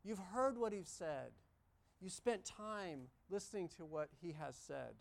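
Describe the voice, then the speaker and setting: Preaching at a church service in an expressive, creaky, mid-range voice that moves a little slowly, this pastor hammers home repeated key phrases and keeps questioning the congregation emphatically.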